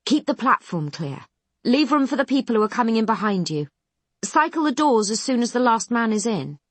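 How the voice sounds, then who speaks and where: Woman putting on a fussy male doctor, yelping, officious, raised and fast. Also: fairly high pitch, very animated, no room sound, voice pushed up.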